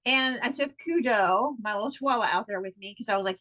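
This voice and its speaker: Co-host, woman with a Texan accent, high voice, animated storyteller who mimics everyone she quotes. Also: brisk, poor audio. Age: adult, married. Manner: animated, acts out quotes with big pitch jumps. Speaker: podcast co-host. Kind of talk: casual chat, animated storytelling.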